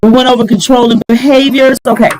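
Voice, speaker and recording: A middle-aged woman giving relationship advice in a casual, animated vlog, exclaiming and talking straight to her viewers. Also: a little high, quick pace, a little hiss or hum, low-quality recording. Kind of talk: casual advice talk to camera.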